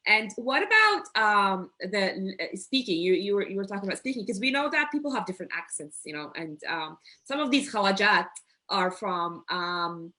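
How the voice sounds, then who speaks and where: Bright-voiced woman interview host. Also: mid-range voice, sing-song, normal speed. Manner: chatty, asks questions, reads out viewer comments. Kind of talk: casual interview on a live stream.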